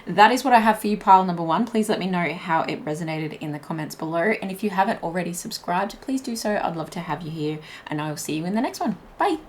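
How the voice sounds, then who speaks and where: A woman's voice: on the low side, animated, fast, few pauses, slight background noise. A young woman giving a pick-a-card tarot reading in a chatty, meandering way, full of "like" and restarts. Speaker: tarot reader.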